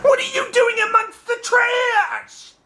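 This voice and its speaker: A man voicing a startled, stern middle-aged mother, raising his voice high to question indignantly. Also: fairly even intonation, takes it slowly, sharp tone, a little hiss or hum, heavily acted.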